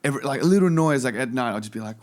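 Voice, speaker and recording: A young man chatting as a podcast guest, his voice mid-pitched and ordinary. He rambles through stories with lots of laughter, restarts and casual swearing. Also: expressive, racing. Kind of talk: casual chat.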